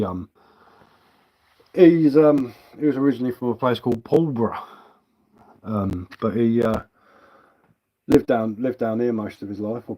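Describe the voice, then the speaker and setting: This livestream host is a Sussex man whose local accent has a bit of London mixed in. He talks in a lowish voice, keeping things casual, chummy and meandering, and the sound quality is lo-fi.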